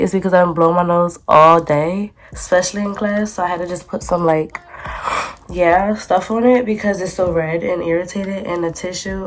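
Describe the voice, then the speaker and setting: A woman's voice: fairly low pitch, a little mellow, slight background noise. A young woman vlogging casually from her phone, chatty and exasperated, full of slang. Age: young adult. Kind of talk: casual storytime vlog. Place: outdoors on a city street.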